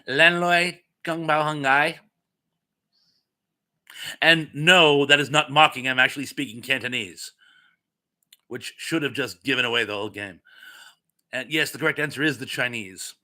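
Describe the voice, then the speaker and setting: A man hosting a casual live-stream chat, running trivia and telling animated, self-mocking stories. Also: mid-range voice, moderate pace. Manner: animated, chatty storyteller with self-mocking asides.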